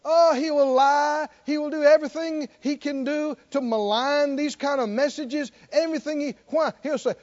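High-voiced man preaching with rising fervor. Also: steady tone, moderate pace, few pauses, lo-fi sound. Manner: call-and-response preaching, rising to near shouts. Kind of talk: sermon.

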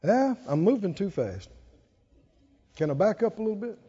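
A man's voice: high-pitched, very animated, normal speed, mellow, slightly rough. A man preaching a sermon at a conference, talking in a conversational way, often laughing and asking the congregation questions. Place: church or conference hall. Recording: dull sound with hall reverb.

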